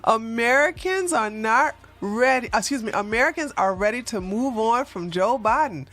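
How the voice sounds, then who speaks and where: A woman's voice: fairly high pitch, animated, moderate pace, few pauses, fairly bright tone. A woman hosting casual political commentary, sarcastic and emphatic, with slangy phrasing.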